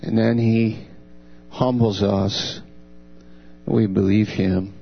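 A man delivers a slow, unhurried sermon in a gravelly voice. He preaches earnestly and acts out divine speech with a lifted tone. The recording is dull and lo-fi, with a mains hum underneath. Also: level tone. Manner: earnest, dramatizes God's words with raised pitch.

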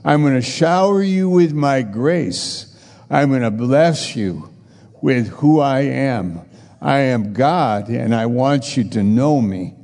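Preacher voicing a calm fatherly God. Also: medium pitch, takes it slowly, long reverb tail, voice pushed up. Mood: reassuring. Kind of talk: acted quote within a sermon.

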